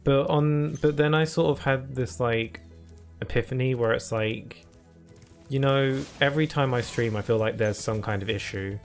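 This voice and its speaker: A man commentates his own live game stream in a relaxed, rambling way, chatting to viewers between moves. His voice sits at an ordinary middle pitch. Quiet game music runs softly behind him. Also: normal speed. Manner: chatty and rambling, talks to chat between laughs.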